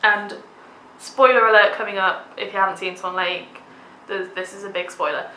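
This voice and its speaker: A woman's voice: mid-range voice, steady tone, normal speed, bright, forceful tone, reverberant, a little hiss or hum, poor audio. A young woman vlogging a theatre review, gushing with enthusiasm and dropping lots of "like"s. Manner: gushing, enthusiastic, many filler "like"s. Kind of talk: casual theatre review vlog.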